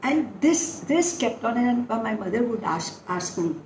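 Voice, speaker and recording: Animated older woman. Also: fairly high pitch, unhurried. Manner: animated storytelling, acting out quotes. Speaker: dance guru. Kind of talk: reminiscing interview. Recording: echoey room with faint noise.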